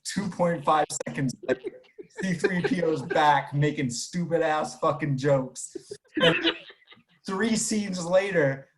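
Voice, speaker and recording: Young male co-host, slightly high voice, sarcastic, swears a lot, acts out the quotes. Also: slow pace, background noise. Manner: sarcastic, profane retelling with acted-out quotes. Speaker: podcast co-host. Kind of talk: casual chat.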